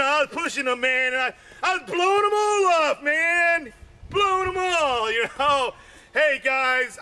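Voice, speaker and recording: A man telling loose, rambling stand-up jokes, adding "man" to nearly every line and breaking into shouts on the punchlines. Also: very high-pitched. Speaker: amateur comedian.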